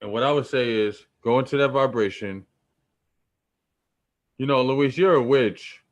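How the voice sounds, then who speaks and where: A man's voice: mid-range voice, a little slow, highs cut off. A man teaching about spirituality in a loose, slangy, preachy way, repeating points for emphasis. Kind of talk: casual spiritual teaching talk.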